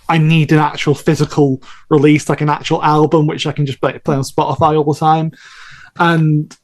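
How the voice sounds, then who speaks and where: Rambling, candid man, slightly high voice. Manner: rambling, candid, swears casually. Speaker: voice actor in the audio drama. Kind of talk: casual podcast chat.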